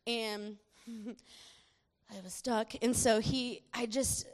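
Animated woman preaching in a reverberant hall. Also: a little high, very slow. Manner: chatty, animated, laughing often. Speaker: speaker sharing a testimony. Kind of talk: personal testimony sermon.

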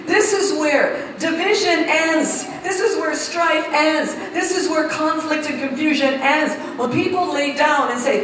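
A woman preaching a lively sermon to a church, acting out God speaking and swinging between loud and soft. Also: high-pitched, moderate pace. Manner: animated, acts out God's voice and swings loud and soft. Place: church hall. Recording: echoey hall from far off, noisy.

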